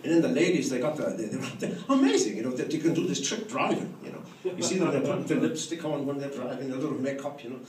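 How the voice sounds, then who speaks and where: A man's voice: medium pitch, fast, hardly any pauses, far from the mic, slight background noise. A man posing as a guest lecturer, teasing audience members by name in roast-style comic talk at a company event. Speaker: impostor speaker at a company event. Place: large function room with laughing crowd. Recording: roomy hall recorded from afar, loud crowd.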